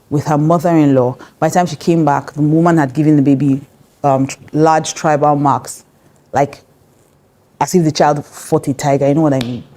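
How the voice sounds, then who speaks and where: Low-voiced Nigerian woman pastor, emphatic. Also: dark tone. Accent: Nigerian English. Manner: emphatic, direct, laughs often. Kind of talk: conversational marriage teaching.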